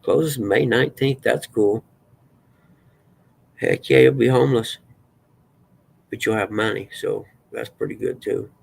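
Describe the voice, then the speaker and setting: A man's voice: lowish voice, animated, measured pace, gravelly, pauses often, breathy edge, rough recording. A man hosting a casual livestream, chatting folksily with viewers and reading news aloud. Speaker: livestream host.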